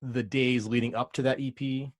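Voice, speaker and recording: Male bassist, easygoing joker, mid-pitched everyday voice. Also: little pitch movement, moderate pace. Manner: joking, storytelling. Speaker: band bassist. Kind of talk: casual chat.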